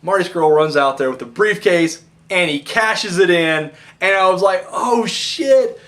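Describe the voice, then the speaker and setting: A man's voice: high-pitched, moderate pace, fairly bright tone. A man giving a casual wrestling review vlog, rambling, swearing freely and acting out what the wrestlers said in little voices.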